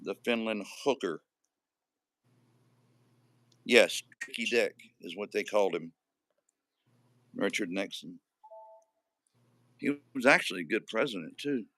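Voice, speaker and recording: A man's voice: fairly low pitch, unhurried, pauses often, sharp tone. A man hosting a live stream in casual chat, joking and reading out viewer comments. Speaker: livestream host.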